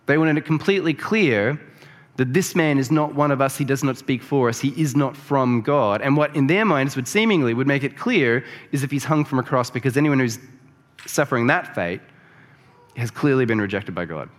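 A man's voice: medium pitch, normal speed. A man preaching a sermon, explaining scripture in a conversational way that builds to emphatic peaks. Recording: long reverb of a large hall.

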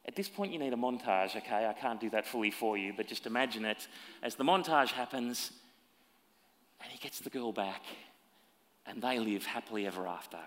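A man preaching a sermon, swinging between loud emphatic lines and hushed, quieter asides. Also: medium pitch, fairly quick. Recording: long reverb of a large hall.

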